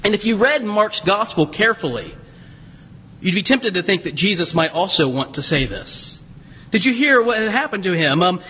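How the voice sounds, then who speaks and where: A man's voice: high-pitched, bright, forceful tone, breathy edge. A middle-aged man preaching a sermon as pastor, telling stories in a chatty way with many fillers and laughs. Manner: conversational storytelling with frequent fillers and laughs. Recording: long hall reverb.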